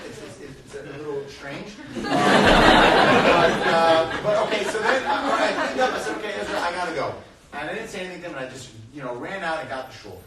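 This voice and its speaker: A man shares a parenting story with an audience, animated and quick to laugh, slipping into the voices of the people in his tale. His voice sits a little high and carries from far off. The hall rings with echo while the audience murmurs around him. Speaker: guest speaker on parenting. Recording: echoey hall, far mic, crowd noise.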